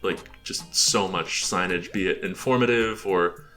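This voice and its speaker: An American man with a lowish voice talks through a presentation in a loose, casual way. He rambles, leans on filler words and chuckles between points. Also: a little slow, pushed and bright. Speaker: presenter showing his game build.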